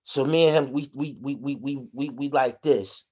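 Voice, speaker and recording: A man's voice: mid-range voice, normal speed, darkish tone, slightly rough. A man from the Pittsburgh area telling a casual vlog story in profane street slang, rambling and restarting, checking in with "you dig?". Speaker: vlogger telling prison stories.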